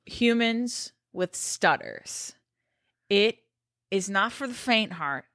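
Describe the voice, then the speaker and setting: A woman co-hosting a casual podcast, chatting in a relaxed, earnest way from a living room. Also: medium pitch, slow, dry recording, clean studio sound. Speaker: podcast co-host. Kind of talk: casual chat.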